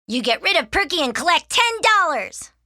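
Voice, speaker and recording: A cheeky little sister from a storybook, as a woman reader puts her on teases in a loud, high, bright voice. Her lines jump around in pitch and sound dry and close. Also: big pitch swings, normal speed, no echo, heavily acted. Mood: teasing.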